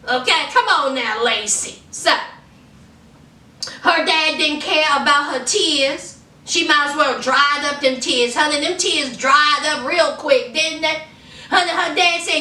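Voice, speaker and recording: A woman's voice: sits high, a little slow, sharp tone. A woman from Virginia recapping a reality show in a sassy, laughing, chatty way. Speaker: vlogger. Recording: echoey room, distant mic, faint noise.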